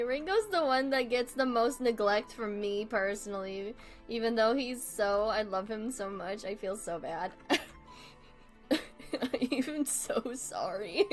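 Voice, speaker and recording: A woman chats with her stream audience while she draws. Her voice sits fairly high, and she talks at a slow, unhurried pace. She giggles often, swears in passing and apologizes a lot, with faint music in the background. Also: a bit bright, rough recording. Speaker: livestreamer drawing for chat. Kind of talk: casual livestream chat.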